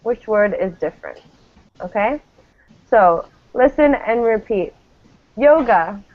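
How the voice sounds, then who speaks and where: A woman's voice: medium pitch, expressive, a little slow. A woman teaching English pronunciation to a class, patiently modelling each word for students to repeat. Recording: tinny phone-like classroom recording.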